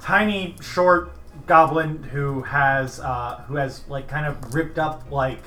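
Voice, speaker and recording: A man's voice: a little high, slow pace, bright, forceful tone, far from the mic. A man narrating a tabletop role-playing game as game master, in a rambling, casual way.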